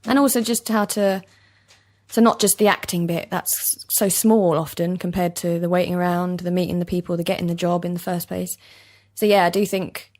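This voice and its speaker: A young woman with a soft East London accent, an actor chatting in an interview, laughing easily and self-deprecating. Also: fairly low pitch, steady tone, moderate pace. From East London, England. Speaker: actor guest. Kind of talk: casual interview chat. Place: basement recording studio.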